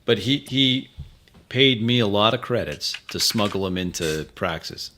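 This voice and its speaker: Deep, bright-toned man. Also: animated, a little slow, slight background noise. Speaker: player. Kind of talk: casual tabletop role-play.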